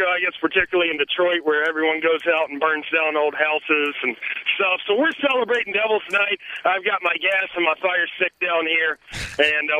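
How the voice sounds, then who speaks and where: High-voiced man on a tinny phone line. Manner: rambling, laughing, many fillers. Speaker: haunted attraction worker calling in. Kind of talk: casual phone call to a radio show. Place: outdoors at a haunted trail in the woods.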